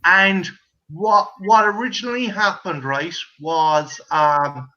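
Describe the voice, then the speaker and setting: An Irish man with a high, bright voice swears his way through lively stories in casual chat. The audio is dull and lo-fi. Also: slow pace. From Ireland. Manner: profane, animated storytelling. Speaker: co-host.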